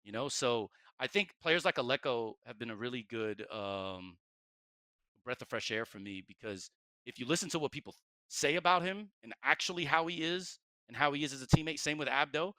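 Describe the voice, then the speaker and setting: Man, podcast guest. Direct and emphatic, bright tone. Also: medium pitch, animated, moderate pace, no echo. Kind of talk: casual podcast chat.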